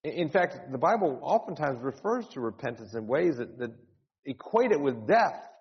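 Preaching with urgency and earnestness, this male pastor speaks in a mid-range voice with big swings in pitch, at a normal speed. He repeats words frequently and builds into cries, captured in a dull recording full of long hall reverb.

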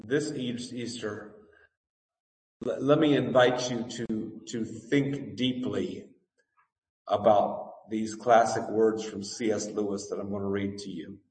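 Heard from well across a big hall, this man's sermon carries long reverb from the distant mic. His lowish, steady, slightly mellow voice first rises in fervor over a scripture reading, then slows to earnest, deliberate teaching that loops back on his phrases to stress them.

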